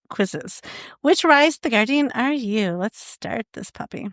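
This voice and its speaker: A young woman co-hosts a podcast, chatting casually and laughing as she reads quiz questions aloud. Her slightly high, fairly bright voice has lively intonation and normal speed with hardly any pauses, recorded with clean studio sound and no echo.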